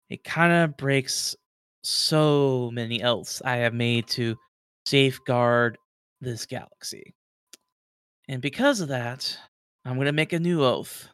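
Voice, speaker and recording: A man voicing an ancient, weary guardian being who speaks slowly and softly. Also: mid-range voice, clean tone, no room sound. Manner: slow, soft, world-weary, dry.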